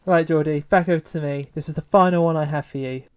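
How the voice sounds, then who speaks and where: A man's voice: a little high, fairly even intonation, fast talker, a little hiss or hum. A man co-hosting a podcast in casual chat, enthusiastic and teasing. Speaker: podcast co-host.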